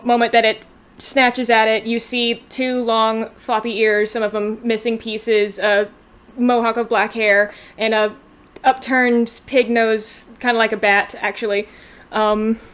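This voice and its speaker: A woman's voice: fairly high pitch, fairly bright tone. A woman running a tabletop game as game master, describing the scene loosely and in detail over a home mic on a voice call.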